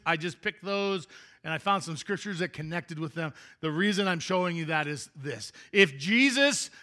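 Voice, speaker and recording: A man's voice: sits high, pushed and bright. A male pastor giving a chatty, interactive sermon in a church sanctuary, joking with the congregation and often restarting his sentences.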